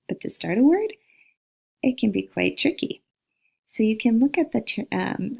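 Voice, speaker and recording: Gravelly-voiced woman teaching linguistics. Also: lowish voice. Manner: explanatory, breaks words down and models sounds aloud. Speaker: linguistics instructor. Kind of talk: recorded lecture over slides.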